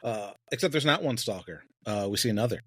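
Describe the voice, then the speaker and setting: A man's voice: lowish voice, animated, fast talker, sharp tone, slightly rough, no echo, clean studio sound. A man co-hosting a podcast, recapping a TV episode in casual chat with wry jokes and frequent laughs. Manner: wry, laughs often, throws in joke bits. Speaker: podcast co-host.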